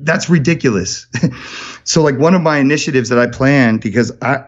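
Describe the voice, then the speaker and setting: A man guesting on a podcast, telling stories in an energetic, animated way. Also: mid-range voice, lo-fi sound. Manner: energetic storyteller, rapid and animated. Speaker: podcast guest, charity founder. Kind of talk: casual podcast conversation.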